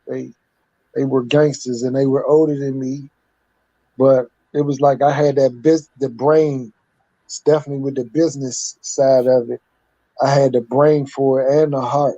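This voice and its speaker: A man in his fifties appears as a guest and tells his life story candidly, rambling casually in street talk with a repeated "like." His medium-pitched voice is mellow, recorded with no echo and the highs cut off.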